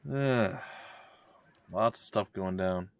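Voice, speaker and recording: Wry low-voiced man playing a game. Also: takes it slowly, clear, resonant tone. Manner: wry, joking asides. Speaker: let's play gamer. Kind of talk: casual gameplay commentary, reading dialogue aloud.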